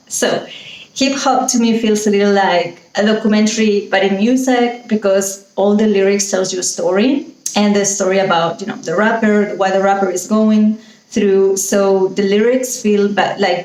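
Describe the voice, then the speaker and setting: A woman's voice: mid-range voice, a little mellow, echoey room, poor audio. A woman with a Spanish accent, a native Spanish speaker, teaching English pronunciation in an enthusiastic, rambling way with many fillers. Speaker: pronunciation coach. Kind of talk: teaching monologue.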